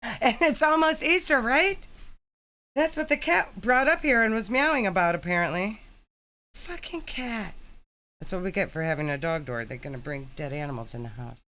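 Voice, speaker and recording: A woman co-hosting a casual chat, excitable, cursing freely and shrieking when startled. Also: medium pitch, moderate pace. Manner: coos baby talk at pets. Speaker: co-host.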